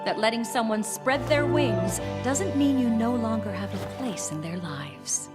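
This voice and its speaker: A woman voicing a gentle, motherly royal mentor in a cartoon, speaking with a soft storytelling cadence. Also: a little high, lively intonation, measured pace. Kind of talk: cartoon voice acting. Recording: clip with music bed.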